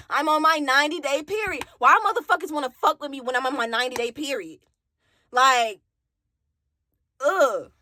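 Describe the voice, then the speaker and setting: Candid woman, higher voice. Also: pushed and bright, dry recording. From Alabama, US. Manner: candid and raw, swears, talks straight to viewers. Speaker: vlogger telling her story. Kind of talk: emotional personal storytime.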